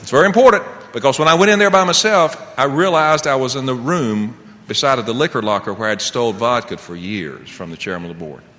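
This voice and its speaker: A man's voice: medium pitch, fast talker, hardly any pauses, pushed and bright. A middle-aged man at an AA meeting tells his recovery story, telling it vividly and asking the audience rhetorical questions. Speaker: AA speaker. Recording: long reverb, faint background noise.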